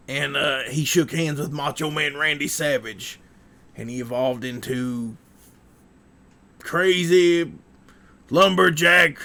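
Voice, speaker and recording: A boastful, gravelly lumberjack of a man, as a streamer puts him on, rumbling his words with an exaggerated manly drawl. The voice sits a touch high for all its swagger and crawls along slowly, with plenty of rough fry in it. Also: bright, forceful tone, exaggerated voice. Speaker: livestream host.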